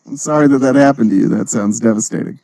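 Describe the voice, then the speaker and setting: A man's voice: medium pitch, fast talker, gravelly, warm tone, no room sound. A man hosting a casual livestream group chat, teasing his guests and laughing often. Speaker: livestream host.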